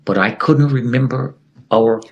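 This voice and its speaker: A man's voice: medium pitch, measured pace, gravelly, dull audio. A middle-aged man telling a personal story in an interview, acting out the lines of the people in it. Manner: vivid, acts out quoted dialogue. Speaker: interview guest.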